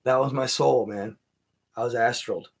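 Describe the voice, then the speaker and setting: Livestream host, male, mid-pitched, loose rambling delivery full of "like" and "you know". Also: normal speed, creaky, breathy edge. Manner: rambling, filler-heavy, animated retelling. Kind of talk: casual livestream storytelling.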